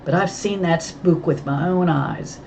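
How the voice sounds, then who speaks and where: A woman's voice: sits low, measured pace, creaky, a little mellow, slight background noise, poor audio. A woman reading the part of a gloomy, superstitious old ranch cook woman who talks in a folksy, plain way.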